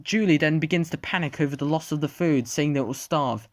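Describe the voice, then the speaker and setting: A narrator telling an improvised story in a halting way, often restarting sentences. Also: medium pitch, dry recording, clean studio sound.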